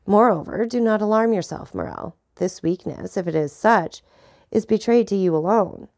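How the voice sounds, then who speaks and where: A woman voicing a grave, vengeful nobleman who speaks in a measured, solemn way. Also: medium pitch, sing-song, gravelly, a little mellow.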